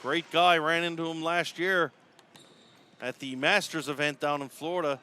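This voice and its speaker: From the top of an indoor arena, a Newfoundland man with a Newfoundland accent, from Canada, delivers live sports play-by-play. Fairly high in pitch, bright and forceful, he keeps a moderate pace, chatting folksily and chuckling between calls. Slight background noise is present.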